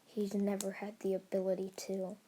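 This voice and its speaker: A woman voicing a bitter young male rival who speaks in a low, subdued, matter-of-fact way. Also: monotone, moderate pace, dark tone, slight background noise, natural voice. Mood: grim.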